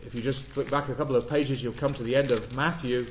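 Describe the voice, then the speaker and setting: A man preaching a sermon, measured and emphatic, leaning on repeated words. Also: mid-range voice, steady tone, slight background noise. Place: church. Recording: echoey church, dull lo-fi sound.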